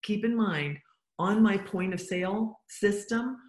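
A woman's voice: mid-range voice, unhurried, a little mellow. A woman giving a motivational business talk, emphatic and full of rhetorical questions put to the listener. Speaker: business coach. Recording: echoey room.

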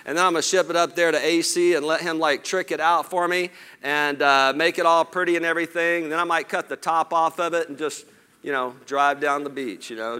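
A man's voice: fairly high pitch, fairly quick, clean tone. Folksy Southern man telling stories on stage. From Lower Alabama. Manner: folksy, animated, jokey asides. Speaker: business speaker at an event. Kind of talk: storytelling keynote talk. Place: event stage before an audience.

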